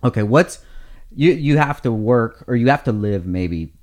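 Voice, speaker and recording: A man in casual conversation, thinking out loud in a reflective way with frequent restarts. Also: medium pitch, lively intonation, normal speed. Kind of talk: casual chat.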